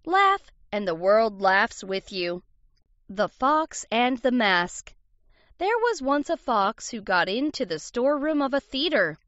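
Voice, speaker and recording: A woman reading storybook fables aloud in a measured, expressive way. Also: fairly high pitch, dry recording. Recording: dull lo-fi recording.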